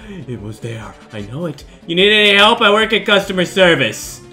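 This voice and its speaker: A man playing a horror game and commenting on it in a goofy, joking, excitable way. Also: sits high, normal speed, loud music behind the voice. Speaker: gaming video host.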